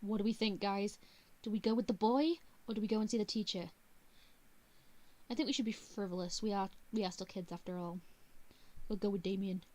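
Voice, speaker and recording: Animated woman streamer reading a game. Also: mid-range voice, fairly quick, pauses often. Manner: animated, chatty asides to viewers. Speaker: VTuber streamer. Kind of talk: reading a visual novel aloud on stream.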